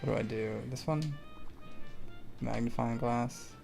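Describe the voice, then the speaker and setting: A man's voice: mid-range voice, steady tone, unhurried, gravelly, a little mellow, soft background music. Easygoing man thinking aloud over gameplay. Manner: thinks aloud, hesitant with fillers, dry jokes. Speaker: co-host of a gaming channel. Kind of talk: casual let's-play chat.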